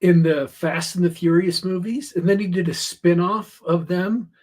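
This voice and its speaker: Wry husky-voiced man chatting. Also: sits high, steady tone, normal speed, a little mellow. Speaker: podcast co-host. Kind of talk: casual chat.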